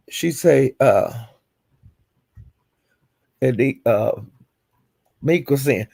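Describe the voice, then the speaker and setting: A woman's voice: extremely low pitch, animated, slow, creaky, pauses often, a little mellow, breathy edge. A woman streamer casually retelling online drama, chatty and acting out the quotes with chuckles. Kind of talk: casual gossip storytelling.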